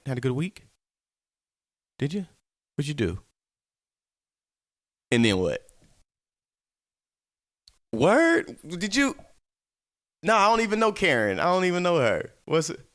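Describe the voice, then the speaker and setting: A man's voice: medium pitch, no room sound, studio quality. A man hosting his own web show alone, talking straight to viewers in a playful, rambling way. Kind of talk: casual solo talk-show monologue.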